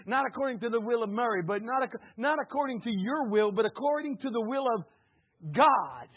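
Husky-voiced preacher on a tinny broadcast. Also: male voice, high-pitched. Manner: fervent, rising to shouts and dropping to a hush; calls on the congregation to repeat after him. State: slightly hoarse. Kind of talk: sermon.

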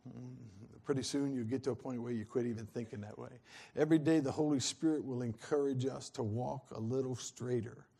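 A man's voice: mid-range voice, warm tone, husky. A man preaching a sermon in a folksy, earnest way that swells into fervent peaks.

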